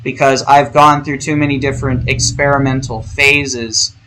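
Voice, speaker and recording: A man's voice: medium pitch, steady tone, moderate pace, sharp tone, a little hiss or hum, low-quality recording. Rambling, theatrical male vlogger. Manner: rambling, profane, theatrical, jokey. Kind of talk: casual spiritual monologue.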